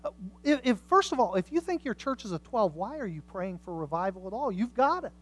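A woman preaching a sermon with passion, swinging from hushed lines to loud, emphatic ones. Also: medium pitch, very animated, fairly quick, a little hiss or hum.

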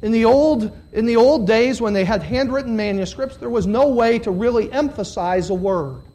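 A preacher giving a live sermon to a congregation of about fifty, dropping to quiet, low questions and then rising to loud, shouted emphasis, drawing out key words. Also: moderate pace. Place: church hall with about fifty listeners.

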